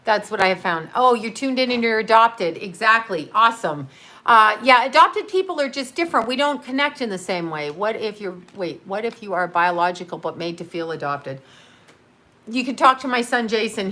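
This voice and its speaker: A woman with a bright, forceful voice hosts a casual livestream. She speaks as a psychic medium and answers her chat in a blunt, loose way. She swears freely and laughs often as she talks. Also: mid-range voice, animated, normal speed. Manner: talks straight to her chat, reads out comments and riffs. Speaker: psychic medium answering live viewer questions.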